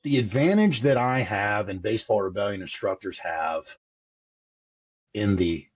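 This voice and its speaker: Ein Mann mit tiefer, rauer Stimme erklärt als Schlagtrainer im lockeren Interview nachdrücklich seine Sicht und wiederholt dabei gern Formulierungen. Die Aufnahme klingt dumpf und etwas lo-fi. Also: male voice, fairly low pitch, expressive, measured pace, breathy edge. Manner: emphatic, explains with repeated phrasing. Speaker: hitting instructor, podcast guest. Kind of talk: casual interview talk.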